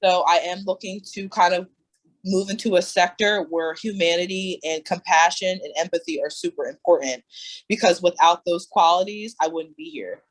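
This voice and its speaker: A woman's voice: fairly low pitch, moderate pace, rough recording. A young woman talking candidly as a coaching client, earnest and emphatic, with many fillers and restarts. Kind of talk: candid conversation.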